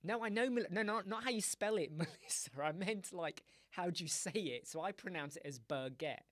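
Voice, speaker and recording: A man's voice: high-pitched, fairly quick, a bit bright, no echo, studio quality. A man hosting a live web design stream, joking and rambling playfully to his chat viewers.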